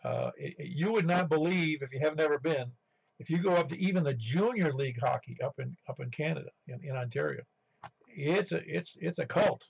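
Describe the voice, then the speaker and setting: Fairly quick and fairly high, his husky voice carries vocal fry. The man, who's from western New York near Buffalo, tells rambling, restart-filled stories in casual chat on a ham radio net, and the radio audio is muffled.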